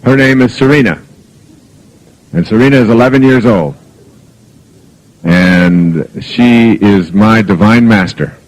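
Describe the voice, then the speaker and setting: A middle-aged man giving a live seminar talk as a motivational speaker, telling humorous stories with chuckles and moving between soft and emphatic delivery. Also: fairly low pitch, a little slow, long pauses, a little hiss or hum, rough recording. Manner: humorous anecdotal storytelling with chuckles.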